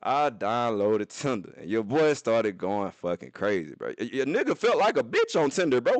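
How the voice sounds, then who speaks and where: A young man streaming from his phone, telling a profane story to his chat in an animated way, with sudden jumps into high voices. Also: moderate pace, few pauses, no echo.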